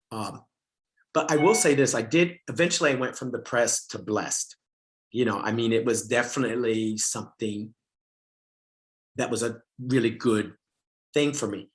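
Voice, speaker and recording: Telling a candid story about himself at a summit, a middle-aged man speaks at medium pitch with a touch of brightness. He restarts often, leans on fillers, and chuckles at his own expense throughout.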